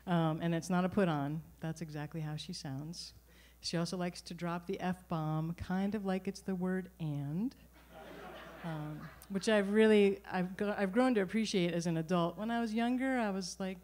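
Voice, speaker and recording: A middle-aged woman telling a personal story at a live storytelling event, conversational and animated, with frequent restarts. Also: on the low side, normal speed. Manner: conversational, animated, self-correcting.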